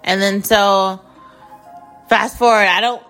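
A woman's voice: medium pitch, steady tone, takes it slowly, a bit bright, faint music behind. A young woman hosting a podcast, telling a personal story in a candid, profane and emotional way, full of filler words. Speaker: podcast host.

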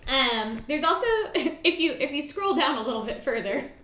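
A woman's voice: high voice, animated, moderate pace, pushed and bright. A woman co-hosting a podcast, chatting bluntly about a book, swearing freely and giggling often. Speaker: podcast co-host. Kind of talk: casual book-club chat. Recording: echoey room, faint ambience.

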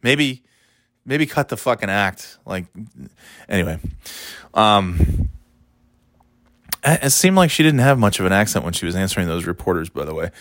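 A man's voice: fairly low pitch, lively intonation, normal speed, pauses often, fairly bright tone, no echo, studio quality. A man hosting casual commentary, sarcastic and rambling, with frequent swearing. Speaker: commentary host.

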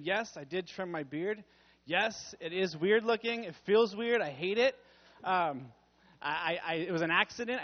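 A young pastor with a notably high voice delivers a casual, joking sermon in a church. He laughs easily and throws himself into loud quoted lines. The recording sounds dull and muffled. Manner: playful, jokey, laughs often, acts out quotes loudly.

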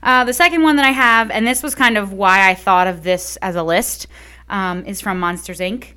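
A woman's voice: medium pitch, normal speed, sharp tone, smooth. A woman co-hosting a podcast, chatting casually with many filler words and light laughs. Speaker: podcast co-host. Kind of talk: casual chat.

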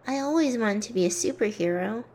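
A woman's voice: lively intonation, a little fast, a little mellow. A woman voicing a seven-year-old runaway girl who turns from shy to playful. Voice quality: high childlike voice.

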